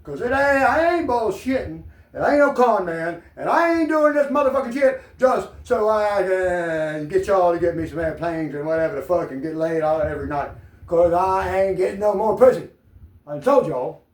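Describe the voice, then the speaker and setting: Southern man, high voice, rambling and cursing, heard from off-mic in an echoey room. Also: recorded from a distance. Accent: Southern American. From American South. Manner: rambling, profane, digressive. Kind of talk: rambling monologue.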